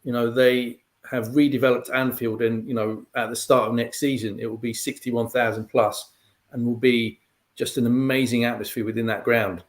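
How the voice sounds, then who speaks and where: A male pundit, mid-pitched and steady, walks through the background in a measured, explanatory way. His talk is loose and conversational, full of "um" and "you know". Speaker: guest pundit. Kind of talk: conversational analysis.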